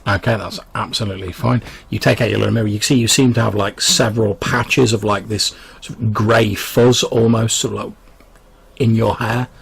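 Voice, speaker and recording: Male game master, low gravelly voice, rambling narration with lots of "like"s. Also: steady tone, moderate pace, poor audio. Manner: rambling, full of restarts and "like".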